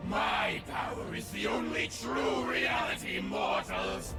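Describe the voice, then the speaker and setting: A man voicing a twisted elder demon lord, shouting in a high, breathy, gloating voice. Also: wildly swooping pitch, slow, full character voice. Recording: loud music and crowd noise behind.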